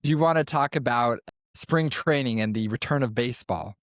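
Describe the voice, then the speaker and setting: A male co-host with a mid-range voice who keeps the show moving briskly. His voice is recorded close and dry, with no room echo. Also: mid-range voice. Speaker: podcast co-host. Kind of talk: policy podcast discussion.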